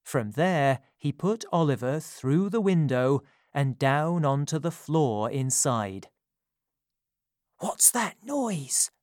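A storybook narrator reading at a deliberately slow, measured pace. The voice sits at a middling pitch and is recorded close and dry, with no room sound. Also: a little mellow, no room sound.

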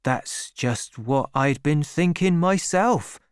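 A man voicing an earnest young shepherd farmer who gently pleads his love, in a slow, lively storybook reading. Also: fairly high pitch, clean tone, dry recording, studio quality. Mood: earnest pleading.

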